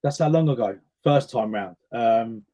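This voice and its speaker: A man's voice: mid-range voice, a little slow, warm tone, muffled recording. A man, talking casually as a guest in an interview and acting out the voices of the people in his stories. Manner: chatty storyteller, acts out quoted voices. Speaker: guest singer.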